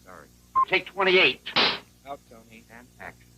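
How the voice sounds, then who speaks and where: A man's voice: a little high, very animated, moderate pace, background noise. A man playing a weary male commercial director who calls out short, businesslike orders.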